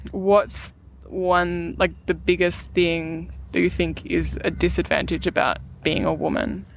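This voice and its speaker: A woman's voice: fairly low pitch, fairly even intonation, unhurried, vocal fry, a little hiss or hum. A woman chatting casually outdoors, thoughtful and hesitant, searching for her words. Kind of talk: casual chat. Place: outdoors in a city park.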